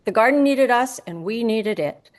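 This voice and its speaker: A woman reading a personal essay aloud at a live event, crisp and brisk, brightening when she quotes people. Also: on the high side, animated. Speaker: essay reader.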